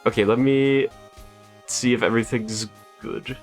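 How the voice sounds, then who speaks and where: A man's voice: medium pitch, fairly even intonation, a little slow, faint music behind. A man streaming a video game, chatting casually and laughing often between lines. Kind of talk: casual live-stream gameplay chat.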